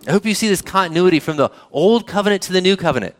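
A man's voice: sits high, expressive, racing. A man preaching a sermon in a conversational way, often asking the congregation questions. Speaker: pastor.

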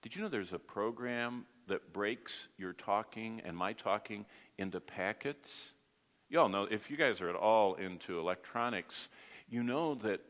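A man's voice: lowish voice, fairly bright tone, long reverb tail. A man teaching a Bible study lesson, asking the class questions and explaining with everyday comparisons.

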